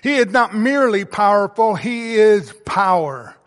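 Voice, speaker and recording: In a large hall, a male pastor gives a sermon in a high-pitched voice with lively intonation and an unhurried pace. His emphatic preaching swells to loud peaks and then drops soft.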